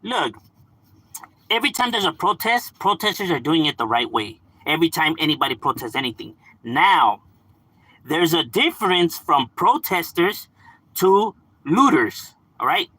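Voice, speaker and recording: A bright, bouncy man's voice, swinging high and low as he chats casually on a livestream. His tone is husky and close to the mic. He is full of slang, slips into Spanish, and laughs easily. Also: very animated, normal speed, no room sound. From Los Angeles, California. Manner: slangy, laughs often, switches into Spanish words. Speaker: livestream host reading chat.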